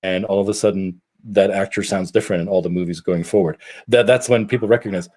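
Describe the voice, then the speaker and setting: A middle-aged man from Germany, telling stories in a casual podcast chat, animated and prone to restarts. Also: low-pitched, quick pace. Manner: animated storyteller with frequent restarts. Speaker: podcast co-host.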